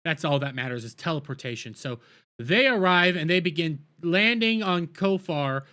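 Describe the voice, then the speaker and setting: A man recaps a show in a loose, rambling way, his voice bright and slightly high. He keeps tripping over restarts and breaks into disbelieving outbursts at the plot. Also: lively intonation, moderate pace. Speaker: show reviewer. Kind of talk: casual spoken recap.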